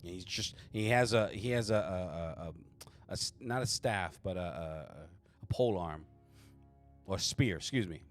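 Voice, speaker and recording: A man with a low voice narrating a tabletop game as its game master. He talks in a halting, rambling way, full of fillers and restarts, with faint music under him.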